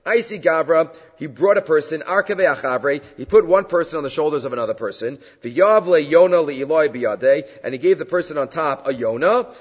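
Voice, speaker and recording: A man teaching a Talmud lesson who chants the quoted texts and then explains them in a lively way. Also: fairly high pitch, fairly quick, few pauses. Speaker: Torah teacher. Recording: dull lo-fi sound in a long-reverb hall.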